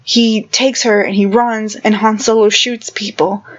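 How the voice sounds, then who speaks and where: A woman vlogger tells a story at a middling pitch, rambling and giggling as she goes. Her speech is full of fillers. The recording sounds slightly muffled and lo-fi. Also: level tone, a little slow. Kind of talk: casual storytelling to camera.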